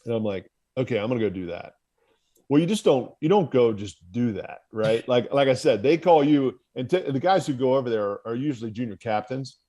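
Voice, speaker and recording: A man's voice: mid-range voice, expressive, a little fast, hardly any pauses, warm tone. A man from the United States, a former Marine officer, telling his story as a podcast guest in a candid, profane way and laughing at himself. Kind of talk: casual storytelling in conversation.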